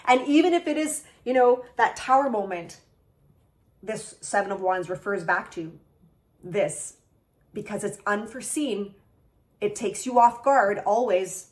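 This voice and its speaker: A woman's voice: medium pitch, unhurried. A woman giving a channeled tarot reading, enthusiastic and affirming as she speaks straight to the viewer. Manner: enthusiastic, excitable, gushing; spiritual, affirming tone addressing the viewer directly. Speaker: tarot reader.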